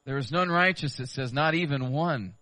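A man's voice: medium pitch, moderate pace, pushed and bright, no echo. A man preaching a sermon, explaining a scripture passage earnestly and asking his listeners rhetorical questions. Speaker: pastor.

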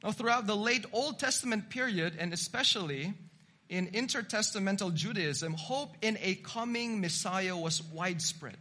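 A man preaching an expository sermon, teaching in a measured way and building to emphatic repetition. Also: high-pitched, bright, forceful tone.

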